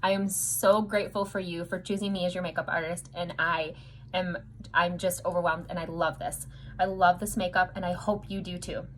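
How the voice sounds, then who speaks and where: A woman's voice: fairly low pitch, flat delivery, normal speed, a little hiss or hum. A woman makeup artist giving a casual, chatty makeup tutorial to her customers, upbeat and self-deprecating.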